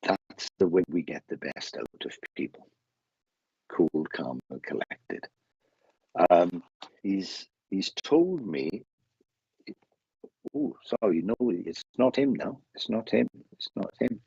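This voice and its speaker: A man giving a live mediumship reading, chatty and halting, often restarting sentences as he passes on messages. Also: low voice, very animated, creaky, dark tone, slightly rough, dry recording, highs cut off. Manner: chatty, laughing, stumbling restarts, relays spirit messages.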